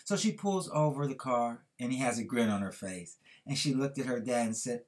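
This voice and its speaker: A man's voice: mid-range voice, moderate pace, few pauses. A man hosting a podcast, telling a motivational story with earnest, preacher-like emphasis. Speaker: podcast host.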